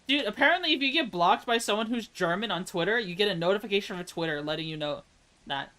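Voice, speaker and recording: A woman's voice: mid-range voice, animated, fast talker, fairly bright tone, rough recording. Chatty American woman streamer. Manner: chatty, reads chat aloud, laughs at own jokes; tries mock German accent voices. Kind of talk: casual live-stream chat.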